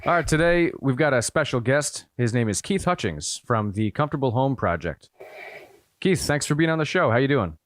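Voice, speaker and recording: A man's voice: mid-range voice, expressive, moderate pace, no echo, clean studio sound. A man from the American East Coast hosting a podcast, asking questions in an easygoing way and laughing along. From east coast of the USA. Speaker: podcast host. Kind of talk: casual podcast interviewing.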